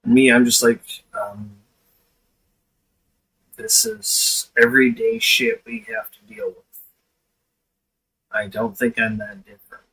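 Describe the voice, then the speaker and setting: The host of a casual livestream chat talks bluntly, laughs a lot, and swears freely, his voice far from the mic. It's a lowish, sharp, slightly rough voice with fairly even intonation, delivered slowly with many pauses.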